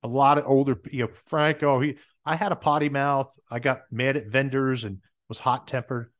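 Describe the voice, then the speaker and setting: Man, New Jersey accent, podcast guest, anecdotal, chatty, medium pitch. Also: normal speed. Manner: lively anecdotal storyteller. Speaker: guest, business owner. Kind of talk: casual interview storytelling.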